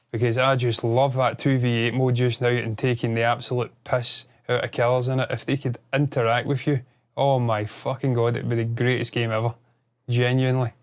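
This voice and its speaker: A man co-hosting a casual podcast, excitable and rambling, swearing freely. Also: medium pitch. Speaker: podcast co-host.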